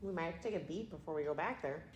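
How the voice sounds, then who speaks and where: A young woman who works as a hairstylist and co-hosts a podcast, chatting in a relaxed, wry way. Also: low voice, racing, a loud crowd. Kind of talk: casual chat. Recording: roomy echo.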